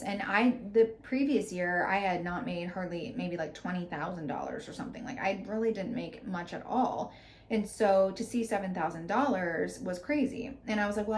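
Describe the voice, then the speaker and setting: Woman host, thirties, candid personal storytelling with an animated, filler-heavy delivery, recorded in a roomy space. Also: mid-range voice. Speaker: podcast host. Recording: roomy echo.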